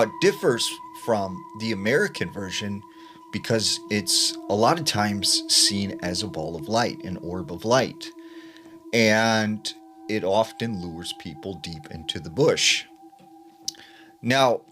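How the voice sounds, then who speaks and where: A man casually narrating eerie stories, chatty and loose, with a lot of "like" and "you know". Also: lowish voice. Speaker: storyteller. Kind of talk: casual spooky story narration. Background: background music.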